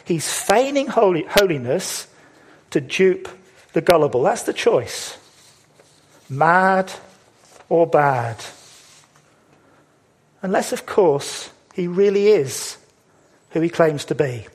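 A man with a fairly high, husky voice delivers a sermon. He speaks emphatically, posing rhetorical questions and drawing out key words for weight. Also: animated, unhurried, a little mellow. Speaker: preacher.

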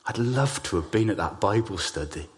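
A man preaching a sermon, telling stories and stressing key phrases slowly. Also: lowish voice, animated. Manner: storytelling, emphatic with slow stressed phrases.

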